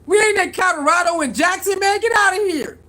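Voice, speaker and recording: A man voicing a brash young male football player who shouts, laughs and brushes off a request with crude slang. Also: very high-pitched, brisk, pitched above the performer's own voice. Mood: mocking.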